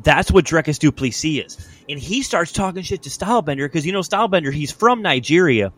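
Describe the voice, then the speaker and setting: A young man hosting a podcast, chatting casually about fights in a loose, profane, animated way. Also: on the high side, brisk. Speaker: podcast host. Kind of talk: casual sports chat.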